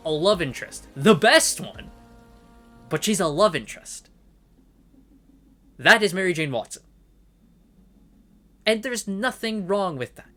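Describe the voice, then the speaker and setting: Guy ranting hard about comics, cussing a lot, repeats himself, sharp bright tone. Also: sits high. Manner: profane, emphatic, repeats points. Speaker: comic book commentator. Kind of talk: ranting review.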